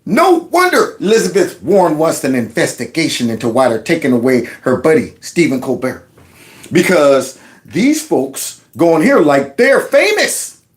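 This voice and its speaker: A man's voice: on the high side, sing-song, moderate pace. A man giving sarcastic reaction commentary on news clips, mocking them with one rhetorical question after another. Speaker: commentary vlogger.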